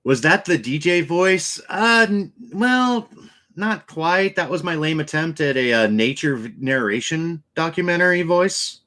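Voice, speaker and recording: A man's voice: fairly high pitch, animated, a little slow, bright, forceful tone. Chatty man hosting a livestream. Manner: chatty, loose, with frequent restarts. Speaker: livestream host. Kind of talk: casual livestream chat.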